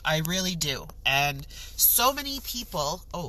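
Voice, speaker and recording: A young woman rants to the camera in her vlog. She is exasperated and swears freely. Her voice sits low and drawls slowly, with a bright, tense edge. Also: big pitch swings, slight background noise, low-quality recording. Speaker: vlogger. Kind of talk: ranting storytime vlog.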